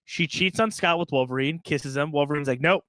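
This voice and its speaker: A young man co-hosting a casual chat, relaxed and enthusiastic with easy chuckles. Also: on the high side, brisk, no room sound. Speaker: podcast co-host.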